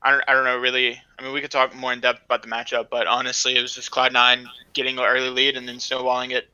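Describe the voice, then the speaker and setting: A man's voice: medium pitch, completely flat delivery, fast talker, sharp tone, clear, resonant tone, no echo, muffled recording. A man co-hosting a casual esports podcast, weighing in hesitantly with many fillers and often trailing off. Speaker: podcast co-host. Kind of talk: casual esports analysis chat.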